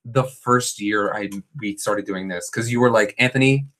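Bright, dry-witted podcast man. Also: on the low side, fairly even intonation, a little slow. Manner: dry, sardonic asides. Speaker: podcast co-host. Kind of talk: casual chat.

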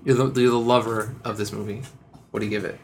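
A man co-hosting a casual podcast chat, lively and teasing, with frequent laughs. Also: on the low side, fast talker, slight background noise. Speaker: podcast co-host.

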